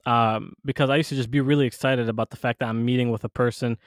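A man's voice: mid-range voice, fairly even intonation, fast, dry recording, clean studio sound. A man hosting a podcast in casual chat, rambling with many restarts and fillers. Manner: rambling, full of restarts and "you know". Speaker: podcast host.

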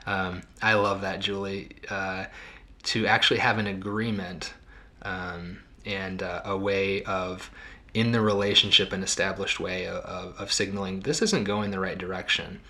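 A man's voice: low-pitched, level tone. A middle-aged man hosting a podcast as a marital therapist, talking in a casual, reflective way with many ums, restarts and small laughs. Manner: halting, with frequent ums and restarts, warm self-deprecating laughs.

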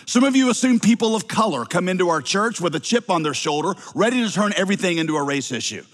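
A man's voice: sits high, expressive, quick pace, long reverb tail. A middle-aged male pastor with a slight Southern accent, preaching a sermon with wry, teasing asides to the congregation.

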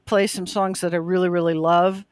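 A woman's voice: on the low side, flat delivery, normal speed, no room sound. Chatty woman drummer, dry close sound. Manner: chatty, storytelling with quoted exchanges. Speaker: drummer and guest musician. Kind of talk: casual chat.

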